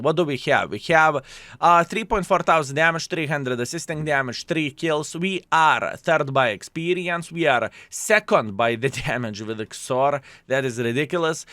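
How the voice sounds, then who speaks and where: A man's voice: mid-range voice, fairly bright tone, dry recording. A man commentating his own tank game, chatty and jokey, speaking to his viewers as fellas, with a non-native English manner. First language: Lithuanian. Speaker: gameplay commentator.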